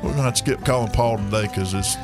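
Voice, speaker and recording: A man's voice: lowish voice, quick pace, over music. A man, hosting a radio talk show and telling a rambling, folksy story with chuckles.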